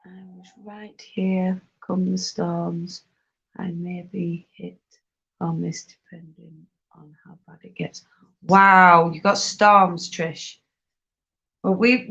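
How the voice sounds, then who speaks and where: A woman's voice: on the low side, fairly bright tone. A woman chatting casually on a live stream, reading out and answering viewers' questions. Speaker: fibre craft live-streamer.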